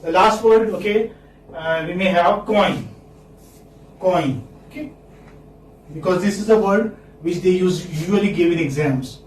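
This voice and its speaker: A man with a high voice teaches English sounds to a class, drawing each word out slowly and saying it again and again. He stands some way from the mic in an echoey classroom, with a faint hiss behind him. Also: distant mic. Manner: slow, repeats words for students to copy. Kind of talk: classroom lecture.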